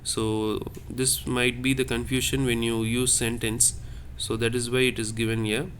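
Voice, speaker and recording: A man's voice: medium pitch, level tone, moderate pace, fairly bright tone, a little hiss or hum. A man teaching a lesson on French accents, explaining patiently and repeating each point step by step.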